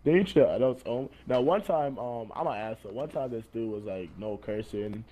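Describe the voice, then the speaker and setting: A man's voice: mid-range voice, animated, a little fast, dark tone. A young man streaming a game, chatting casually and telling rowdy, profane stories. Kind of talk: casual gaming chat. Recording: faint background noise.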